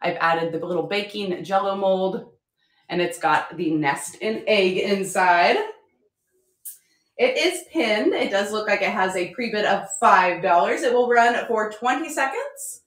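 Woman, live-stream auction host, excitable, apologetic, lively pitch, echoey room. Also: measured pace. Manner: bubbly and excitable, apologetic, thanks viewers constantly. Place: home room with a chalkboard.

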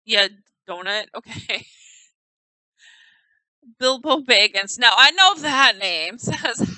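A woman's voice: fairly high pitch, animated, slow, long pauses, sharp tone, no echo, rough recording. A woman giggling and thinking aloud in casual commentary as she tours a house in a game. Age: adult. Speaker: gamer touring a player-built house.

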